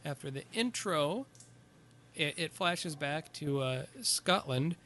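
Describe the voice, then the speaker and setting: Higher-voiced man recapping a film. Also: animated, pushed and bright. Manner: halting, filler-heavy plot recapping. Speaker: podcast co-host. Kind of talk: casual movie review chat.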